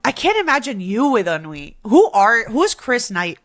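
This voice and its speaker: Over music, a woman with a slightly high voice co-hosts a podcast at moderate pace. She tells stories animatedly in a casual chat and laughs often.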